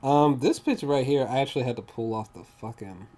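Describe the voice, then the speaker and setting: A movie reviewer talking through a casual spoiler review vlog, animated and excitable, rambling with many restarts and swearing often. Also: mid-range voice, brisk. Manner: rambling, with frequent restarts and fillers.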